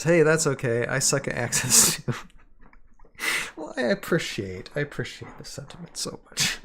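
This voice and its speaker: A man's voice: medium pitch, vocal fry. A man hosting a casual livestream, talking through game lore and reacting to chat in a self-deprecating way. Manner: self-deprecating, many fillers and restarts.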